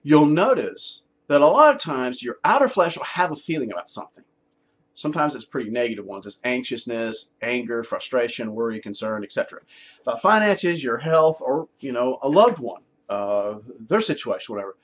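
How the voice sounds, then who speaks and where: Guy doing a casual spiritual teaching, husky voice, really animated, kinda muffled lo-fi audio. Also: normal speed. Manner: conversational, emphatic, acts out quotes in a high voice. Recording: dull lo-fi sound.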